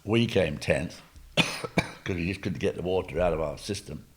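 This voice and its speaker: Deep-voiced older Englishman telling stories. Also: a little slow, fairly bright tone. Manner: rambling, humorous storyteller with asides and coughs. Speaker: guest. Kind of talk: anecdotal storytelling.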